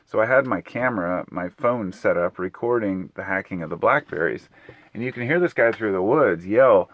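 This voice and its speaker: A middle-aged man with a lowish voice tells a personal story, rambling and animated as he acts out what everyone said. The sound is dry and close, with no room around it. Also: no echo, lo-fi sound. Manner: rambling, animated retelling with acted-out quotes. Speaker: vlogger telling a personal story. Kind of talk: casual storytelling monologue.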